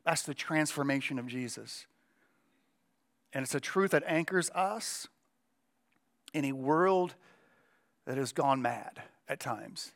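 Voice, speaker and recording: A middle-aged male pastor preaching a sermon with a strained, cracking voice, emphatic and slowing down to stress key lines. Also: mid-range voice, animated, fairly bright tone. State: voice cracking, throat clearing.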